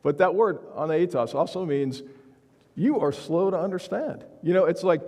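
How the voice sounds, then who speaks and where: A man preaching a sermon with earnest emphasis, his voice sitting fairly high for a man. He often restarts phrases as he presses a point. The long reverb of a church hall trails after his words. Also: animated, moderate pace, mellow. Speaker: pastor. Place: church sanctuary.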